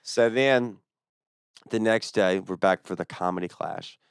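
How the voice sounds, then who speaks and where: A young man, a stand-up comedian telling a story in casual chat, fast and full of swearing. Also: sits low, clean tone, no echo, studio quality. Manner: fast-talking, profane.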